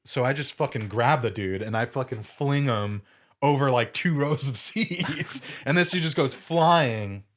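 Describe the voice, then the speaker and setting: A young man co-hosting a podcast, telling a story in casual chat, animated and full of swearing. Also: medium pitch, unhurried. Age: young adult. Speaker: podcast co-host.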